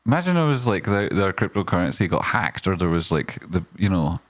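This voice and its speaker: A man's voice: sits low, sing-song, fairly quick, no room sound. A man, commenting on stocks in a rambling, casual way with lots of fillers, breaking into sweary rants. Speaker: stock market streamer.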